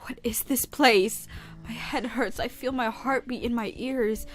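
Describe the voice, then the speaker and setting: A woman voicing a frightened shy teenage girl in whispered role-play, reading anxious first-person game narration in a hushed voice. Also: fairly high pitch, fairly even intonation, unhurried, soft background music, natural voice.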